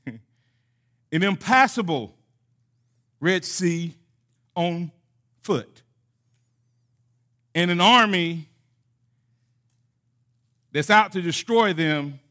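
A man preaching a sermon in a high, bright voice. He acts out conversations between God and his listeners with lively emphasis. His delivery is animated and direct. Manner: animated preaching that drops to a soft closing prayer. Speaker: pastor.

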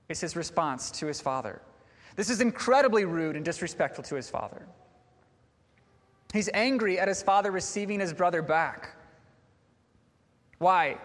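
High-voiced preacher in a reverberant hall. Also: male voice, expressive, moderate pace, long pauses. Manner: earnest, rhetorical questioning. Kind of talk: sermon.

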